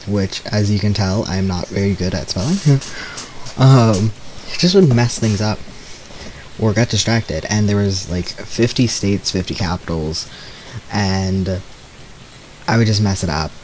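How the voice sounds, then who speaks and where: Low-voiced young man rambling while gaming. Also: a little slow, pauses often, darkish tone, a little hiss or hum, rough recording. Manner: rambling, self-deprecating storytelling with nervous laughs. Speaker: game streamer. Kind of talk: casual gameplay commentary.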